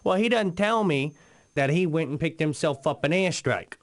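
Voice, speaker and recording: A man's voice: fairly high pitch, animated, moderate pace. An actor playing a rambling, boozy male radio co-host on a comedic in-game talk station, telling a story full of fillers.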